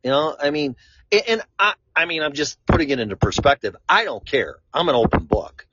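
A man's voice: fairly high pitch, animated, fairly quick, fairly bright tone, husky, dry recording. A man from Chicago talking in a casual, rambling monologue, blunt and free with swearing. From Chicago, USA. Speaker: vlogger. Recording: dull lo-fi, dry sound.

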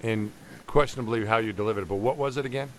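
A man's voice: fairly low pitch, slight background noise. A man hosting a podcast, chatting casually with short, joking replies. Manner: joking, quick backchannel replies. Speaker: podcast host.

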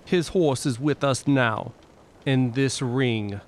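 A man playing a slow, proud young royal. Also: medium pitch, slight background noise. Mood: accusing.

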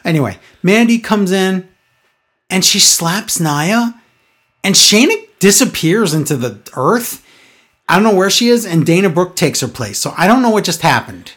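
A woman's voice: on the low side, animated, moderate pace, fairly bright tone. A woman talking through last night's wrestling show in a casual podcast chat, her voice leaping up and down as she reacts. She sounds exasperated and sarcastic, piling on complaint after complaint. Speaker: podcast co-host.

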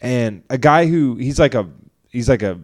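A young man co-hosting a comedy podcast, telling a long story in a rambling, animated way and acting out what others said. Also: mid-range voice, normal speed. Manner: rambling, animated retelling with quoted voices. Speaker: podcast co-host. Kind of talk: casual storytelling chat.

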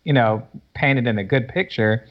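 A man co-hosting a podcast, talking in a measured, hedging way with many fillers. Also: medium pitch, lo-fi sound. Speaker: podcast co-host. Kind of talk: casual chat.

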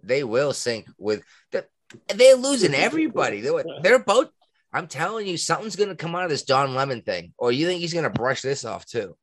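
A man with a Massachusetts accent chatting as a podcast co-host. His voice swings widely in pitch, and he jumps high whenever he gets worked up. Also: big pitch swings, a little fast, dry recording. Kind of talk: casual chat.

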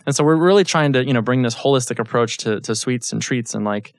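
A man in his thirties talks through a faith lesson in a relaxed, conversational way. He tells stories and keeps checking that listeners are following. His voice sits at an everyday middle pitch, recorded dry and close. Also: fast talker, dry recording. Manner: conversational, storytelling, frequent check-ins with listeners. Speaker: Bible teacher. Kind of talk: casual teaching talk.

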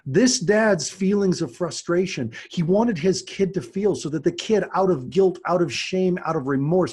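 A man's voice: high-pitched, moderate pace, few pauses, darkish tone. A middle-aged man hosting a podcast monologue, giving earnest parenting advice and acting out quotes from kids and parents. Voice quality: husky. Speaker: podcast host, parenting coach and martial arts teacher.

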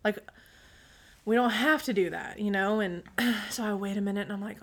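Brief: woman in her 30s, podcast co-host, lively storyteller who acts out quotes, clears her throat often. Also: mid-range voice, moderate pace. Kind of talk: casual chat.

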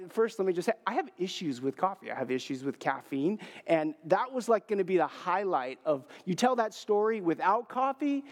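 Guy in his 40s preaching, chatty storytelling with lots of ums, slightly high voice, long church echo. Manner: conversational storytelling with fillers. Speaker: pastor. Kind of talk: sermon. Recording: long hall reverb.

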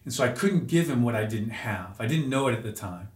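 In an interview on a podcast, a man recounts something deeply personal and emotional, sincere and groping for words, restarting as he goes. His mid-range voice is animated and a little fast, with roomy echo around it.

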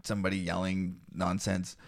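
A man's voice: low-pitched, completely flat delivery, normal speed, creaky. A young man co-hosting a podcast, telling profane stories in casual banter and acting out the people in them. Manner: profane storytelling, acts out people with shouted voices. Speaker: podcast co-host.

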